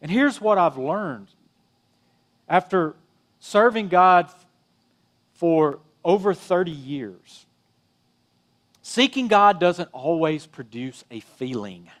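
A middle-aged man with a notably high voice delivers a sermon. He keeps it conversational, full of "you know" asides. His emphasis rises on key phrases and falls to near-hushed endings. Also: animated, takes it slowly, long pauses. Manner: conversational preaching, rising and dropping emphasis, frequent "you know". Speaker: pastor.

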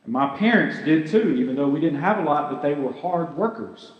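A man's voice: fairly high pitch, expressive, a little fast, reverberant, in a large hall, dull audio. A man giving a sermon as pastor, earnest and conversational, asking his listeners rhetorical questions.

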